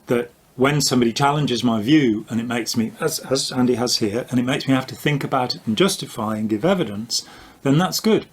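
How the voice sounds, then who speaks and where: A man's voice: mid-range voice, a little fast, slightly rough. An older man, an author and commentator, explaining ideas in a casual conversational debunking with dry, wry jokes.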